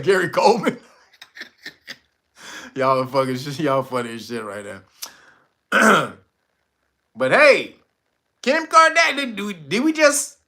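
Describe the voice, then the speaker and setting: A high-voiced man hosts a casual livestream, reading viewer comments from chat and reacting loudly with profanity and lots of laughter.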